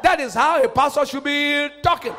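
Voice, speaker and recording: A male pastor preaching a fervent sermon, jumping from loud shouts down to quiet asides. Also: extremely high pitch, moderate pace, heavy background noise. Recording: hall reverb.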